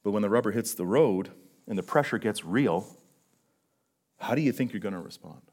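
A man preaching a sermon, talking earnestly to his congregation and swinging between hushed, low passages and emphatic, raised ones. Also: lively intonation, normal speed, husky. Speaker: pastor.

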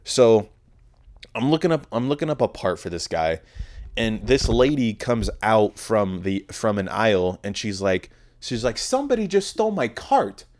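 A man's voice: lowish voice, a little slow. A young man hosting a podcast, telling a story in a rambling, heavily profane casual monologue. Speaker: podcast host.

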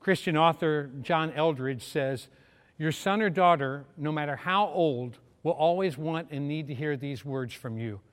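Middle-aged man delivering a sermon story in a fairly high voice, acting out each character; recorded in a reverberant hall. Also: a little slow. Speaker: preacher.

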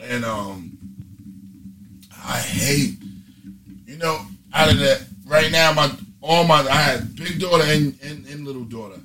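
A man's voice: fairly high pitch, measured pace, crowd noise. A man hosting a casual chat, talking loosely with profanity and frequent restarts.

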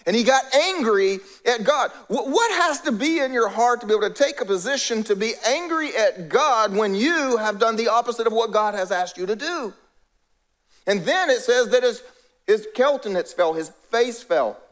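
A man preaching a sermon in a high, light voice. He speaks to the congregation in a conversational way. He acts out short lines for the characters in the stories he tells. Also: fairly bright tone. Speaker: pastor.

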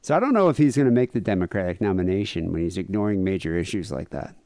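A man's voice: low-pitched, expressive, fast talker, warm tone, no echo, clean studio sound. A man co-hosting a podcast in casual comedic chat, rambling with lots of fillers and jokey asides. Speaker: podcast co-host.

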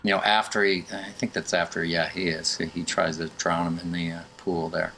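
A man's voice: deep voice, little pitch movement, moderate pace, creaky, pushed and bright, slight background noise. A man co-hosting a casual movie chat, rambling and laughing often. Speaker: podcast co-host.

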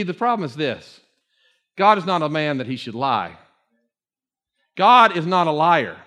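A male pastor delivers a fervent sermon in a strikingly high, bright voice. He repeats himself as he builds and pushes toward near-shouts, speaking to a congregation in church.

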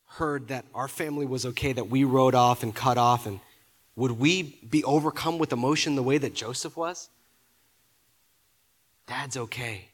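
A man preaching a sermon, often repeating his words and building to loud, emphatic peaks. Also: mid-range voice. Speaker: pastor.

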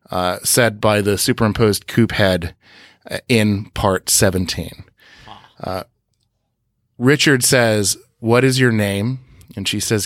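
A man's voice: lowish voice, unhurried, fairly bright tone, no room sound, clean studio sound. A man hosting a podcast, recapping scenes in detail in a casual way, with frequent "uh" fillers. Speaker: podcast host.

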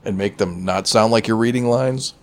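A man's voice: on the low side, normal speed. A man co-hosting a podcast in casual chat, making laid-back, dry comments. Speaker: podcast co-host.

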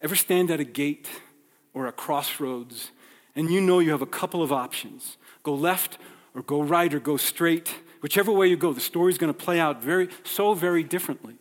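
A man's voice: fairly high pitch, moderate pace. A man from New York preaching a sermon, telling stories conversationally and acting out the people in them. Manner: conversational, acts out dialogue in stories. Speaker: pastor. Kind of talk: sermon with personal storytelling. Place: church sanctuary. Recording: long hall reverb.

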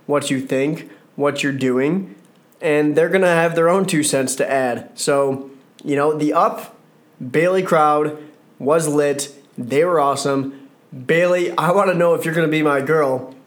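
Chatty, rambling man reviewing wrestling. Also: fairly high pitch. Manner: rambling, self-correcting, jokey. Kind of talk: casual solo commentary.

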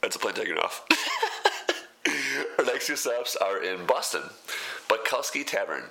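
A man's voice: mid-range voice, huge pitch swings, slow pace, gravelly, pauses often, sharp tone. A young man narrating a casual food vlog, chatty and laid-back, who laughs often. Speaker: food vlogger.

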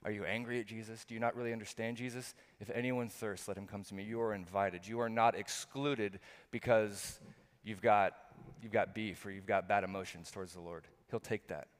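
A man's voice: fairly low pitch, fairly even intonation, brisk. A middle-aged male pastor preaching a sermon, earnest and repetitive, full of rhetorical questions. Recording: long hall reverb.

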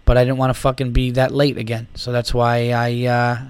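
In his thirties, tired and a little sick, a man rambles through a solo comedy podcast monologue, swearing freely and riffing with giddy energy. His ordinary-pitched voice is monotone, smooth and a bit fast, recorded close and dry with no echo or room sound.

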